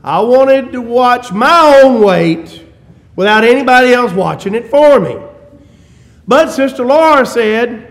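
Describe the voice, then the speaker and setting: A man preaching a sermon in a church, moving from shouted peaks to low hushed asides, with chuckles and folksy humor between his points. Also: lively intonation, measured pace.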